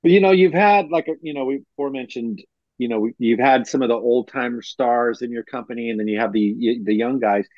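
A man's voice: mid-range voice, a little fast, dry recording. A man co-hosting an interview, asking hesitant questions full of fillers, on a dull, lo-fi recording. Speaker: co-host. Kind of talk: casual interview chat. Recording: dull, lo-fi dry sound.

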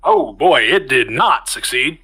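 A man's voice: mid-range voice, animated, a little slow, sharp tone, husky, poor audio. A man acting as game master, explaining rules and narrating a tabletop role-playing session. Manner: explains rules, briefly voices characters.

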